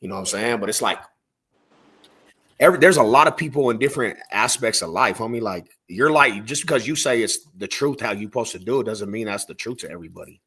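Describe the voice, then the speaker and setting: A man's voice: lowish voice, expressive, fast talker, sharp tone, husky. A man from Denver telling street stories in a casual podcast chat, slangy and rambling, full of "bro" and "homie". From Denver, Colorado.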